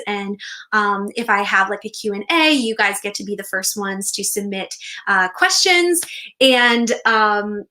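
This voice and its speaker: A young woman hosting a casual livestream, bubbly and excitable, reading out viewer comments and squealing with delight. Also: mid-range voice. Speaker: author and livestream host.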